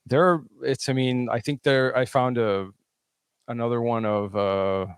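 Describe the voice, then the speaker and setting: Man, podcast co-host, gravelly voice, smooth tone, halting restarts, quick agreements. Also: mid-range voice, steady tone, dry recording. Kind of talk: casual podcast chat.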